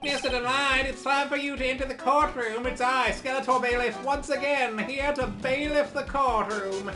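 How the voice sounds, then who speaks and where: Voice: high voice, steady tone, moderate pace, voice pushed up, lightly acted. A player voicing a pompous skeleton bailiff with a grand, announcing tone. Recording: loud game music behind.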